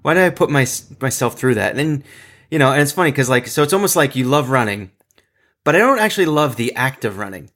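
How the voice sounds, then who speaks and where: Guy hosting a running podcast, laid-back chat, laughs along, normal pitch. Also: expressive, fast talker, fairly bright tone. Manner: easygoing, laughs along, trails off mid-thought. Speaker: podcast host. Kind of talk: casual interview chat.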